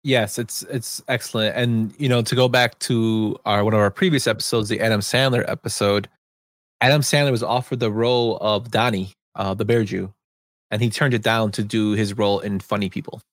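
Co-hosting a podcast, a man rambles casually about movies and shares film facts aloud. His fairly low voice has fairly even intonation at a normal speed, captured in studio quality without room sound.

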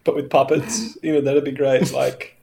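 Man pitching ideas in eager casual chat. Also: normal speed, vocal fry, crowd noise. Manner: eager, pitches ideas with a dark sense of humor.

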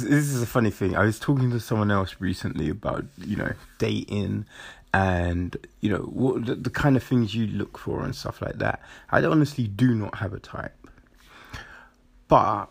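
A young man telling casual stories to camera in a lively, chuckling way. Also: lowish voice, creaky, husky. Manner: animated, chuckling storyteller. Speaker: vlogger. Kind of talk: casual storytelling vlog.

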